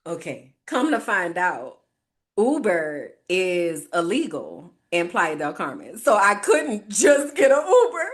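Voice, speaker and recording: An American woman hosting a podcast, telling a personal story in a lively way, laughing often and acting out her own reactions. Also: lowish voice, takes it slowly. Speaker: podcast host.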